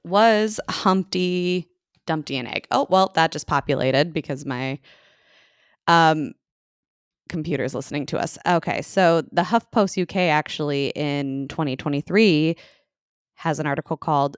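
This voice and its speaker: A woman's voice: low voice, unhurried, smooth, no echo, studio quality. A woman co-hosting a casual podcast chat, rambling with fillers and frequent giggles. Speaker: podcast co-host.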